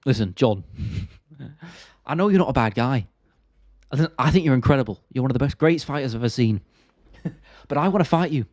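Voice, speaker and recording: A man's voice: mid-range voice, animated, a little fast, pauses often, darkish tone, dry recording, studio quality, natural voice. A man doing an impression of a confident heavyweight fighter who earnestly insists he is the best. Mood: pleading. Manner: earnest, pleading, self-assured.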